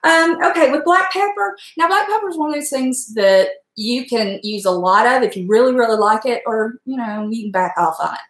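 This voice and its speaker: A woman's voice: on the high side, a little fast, few pauses, reverberant. A middle-aged woman, chatting and rambling to her viewers while she cooks in her home kitchen. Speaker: cooking vlogger. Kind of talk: casual chat while cooking.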